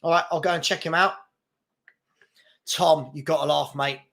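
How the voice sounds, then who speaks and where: A man's voice: fairly high pitch, steady tone, normal speed, a bit bright. A man hosting a live fan chat show, chatty and brash as he reads comments and takes on trolls. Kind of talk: casual live-stream chat reading comments.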